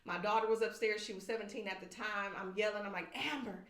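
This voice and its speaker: A woman's voice: medium pitch, quick pace. A woman, a podcast guest, candidly telling an emotional personal story and acting out what others said. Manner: candid, animated, acts out quoted voices. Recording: echoey room.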